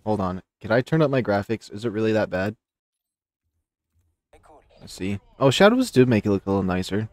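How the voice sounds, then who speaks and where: A man commenting casually on his game run, rambling and excitable, recovering from a few sick days. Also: on the low side, normal speed, long pauses, no echo. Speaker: gameplay commentator. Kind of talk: casual let's-play commentary.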